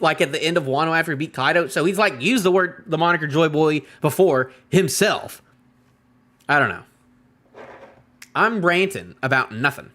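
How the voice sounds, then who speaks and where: Chatty guy reacting to a manga on stream, lively pitch, bright tone, rambly. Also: normal speed. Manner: animated, rambling, talks to chat. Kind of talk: casual live-stream reaction.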